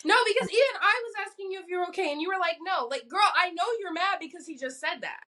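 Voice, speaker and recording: A young woman co-hosting a podcast, telling animated, profane stories in casual chat and mimicking other people's lines. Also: very high-pitched, fast. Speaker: podcast co-host.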